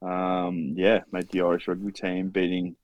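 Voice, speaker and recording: A man's voice: sits low, monotone, moderate pace, darkish tone, no room sound, highs cut off. An Australian man co-hosting a podcast, bantering bluntly with swearing and trailing ums. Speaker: podcast co-host. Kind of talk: casual chat.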